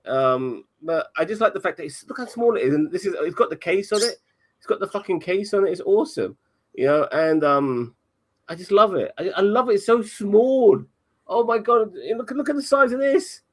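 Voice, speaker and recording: A man's voice: high voice, lively intonation, fairly quick. A man in casual podcast banter, rambling with many restarts and swearing freely. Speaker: podcast co-host.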